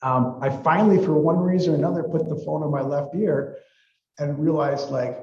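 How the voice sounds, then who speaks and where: A man's voice: fairly high pitch, steady tone, normal speed, dark tone, echoey room, dull audio. A man giving a university psychology lecture in a casual, rambling way, full of fillers and restarts. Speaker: psychology professor.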